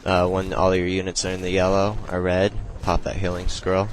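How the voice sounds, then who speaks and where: A man's voice: low voice, monotone, normal speed, slight background noise, poor audio. A young man casually talking through a strategy game replay, explaining moves in a loose, rambling way with many fillers. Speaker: replay commentator.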